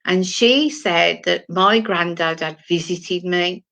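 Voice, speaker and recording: A British woman in her sixties, a spiritual medium, telling her personal story slowly and emotionally, often repeating words. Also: lowish voice, gravelly, a bit bright. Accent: British English. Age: 60s. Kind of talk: personal testimony talk.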